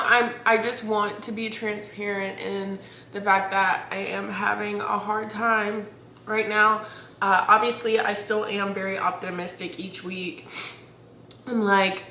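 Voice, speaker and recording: Lying in bed at home, a young woman vlogs candidly into a camera she holds up, near tears, laughing through it and halting with frequent restarts. Her mid-range voice is bright but her delivery flat, and the echoey room carries a faint hum.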